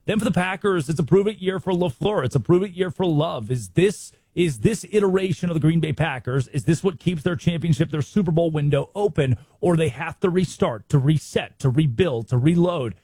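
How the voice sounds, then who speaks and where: An American man hosting a sports talk show, brisk and opinionated, firing rhetorical questions. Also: a little high, expressive, mellow, breathy edge, no echo. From United States. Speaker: sports radio host.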